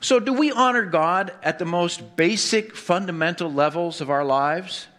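A male pastor delivers a sermon in a bright, slightly high voice. He quizzes the congregation with questions and slips in wry jokes as he preaches. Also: normal speed.

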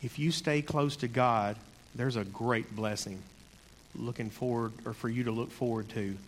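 A man's voice: medium pitch, fairly even intonation, slight background noise. Earnest man preaching in a big hall. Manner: earnest, conversational, slows for emphasis. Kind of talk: sermon.

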